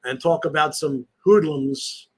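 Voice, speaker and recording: A man's voice: on the high side, measured pace, husky, low-quality recording. A man in his sixties hosting a podcast, rambling through nostalgic stories in casual chat. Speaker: podcast host.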